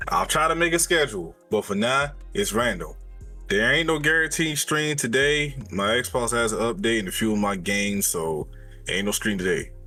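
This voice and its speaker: A man's voice: on the low side, fairly bright tone. A man talking as a podcast guest in casual chat, laid-back and slangy. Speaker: guest streamer.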